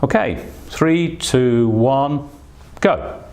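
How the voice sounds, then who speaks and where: An English test teacher speaks very slowly in a medium-pitched, darkish voice. He's teaching an online exam-prep lesson, patient and instructive, with lots of "uh" and "um" between points.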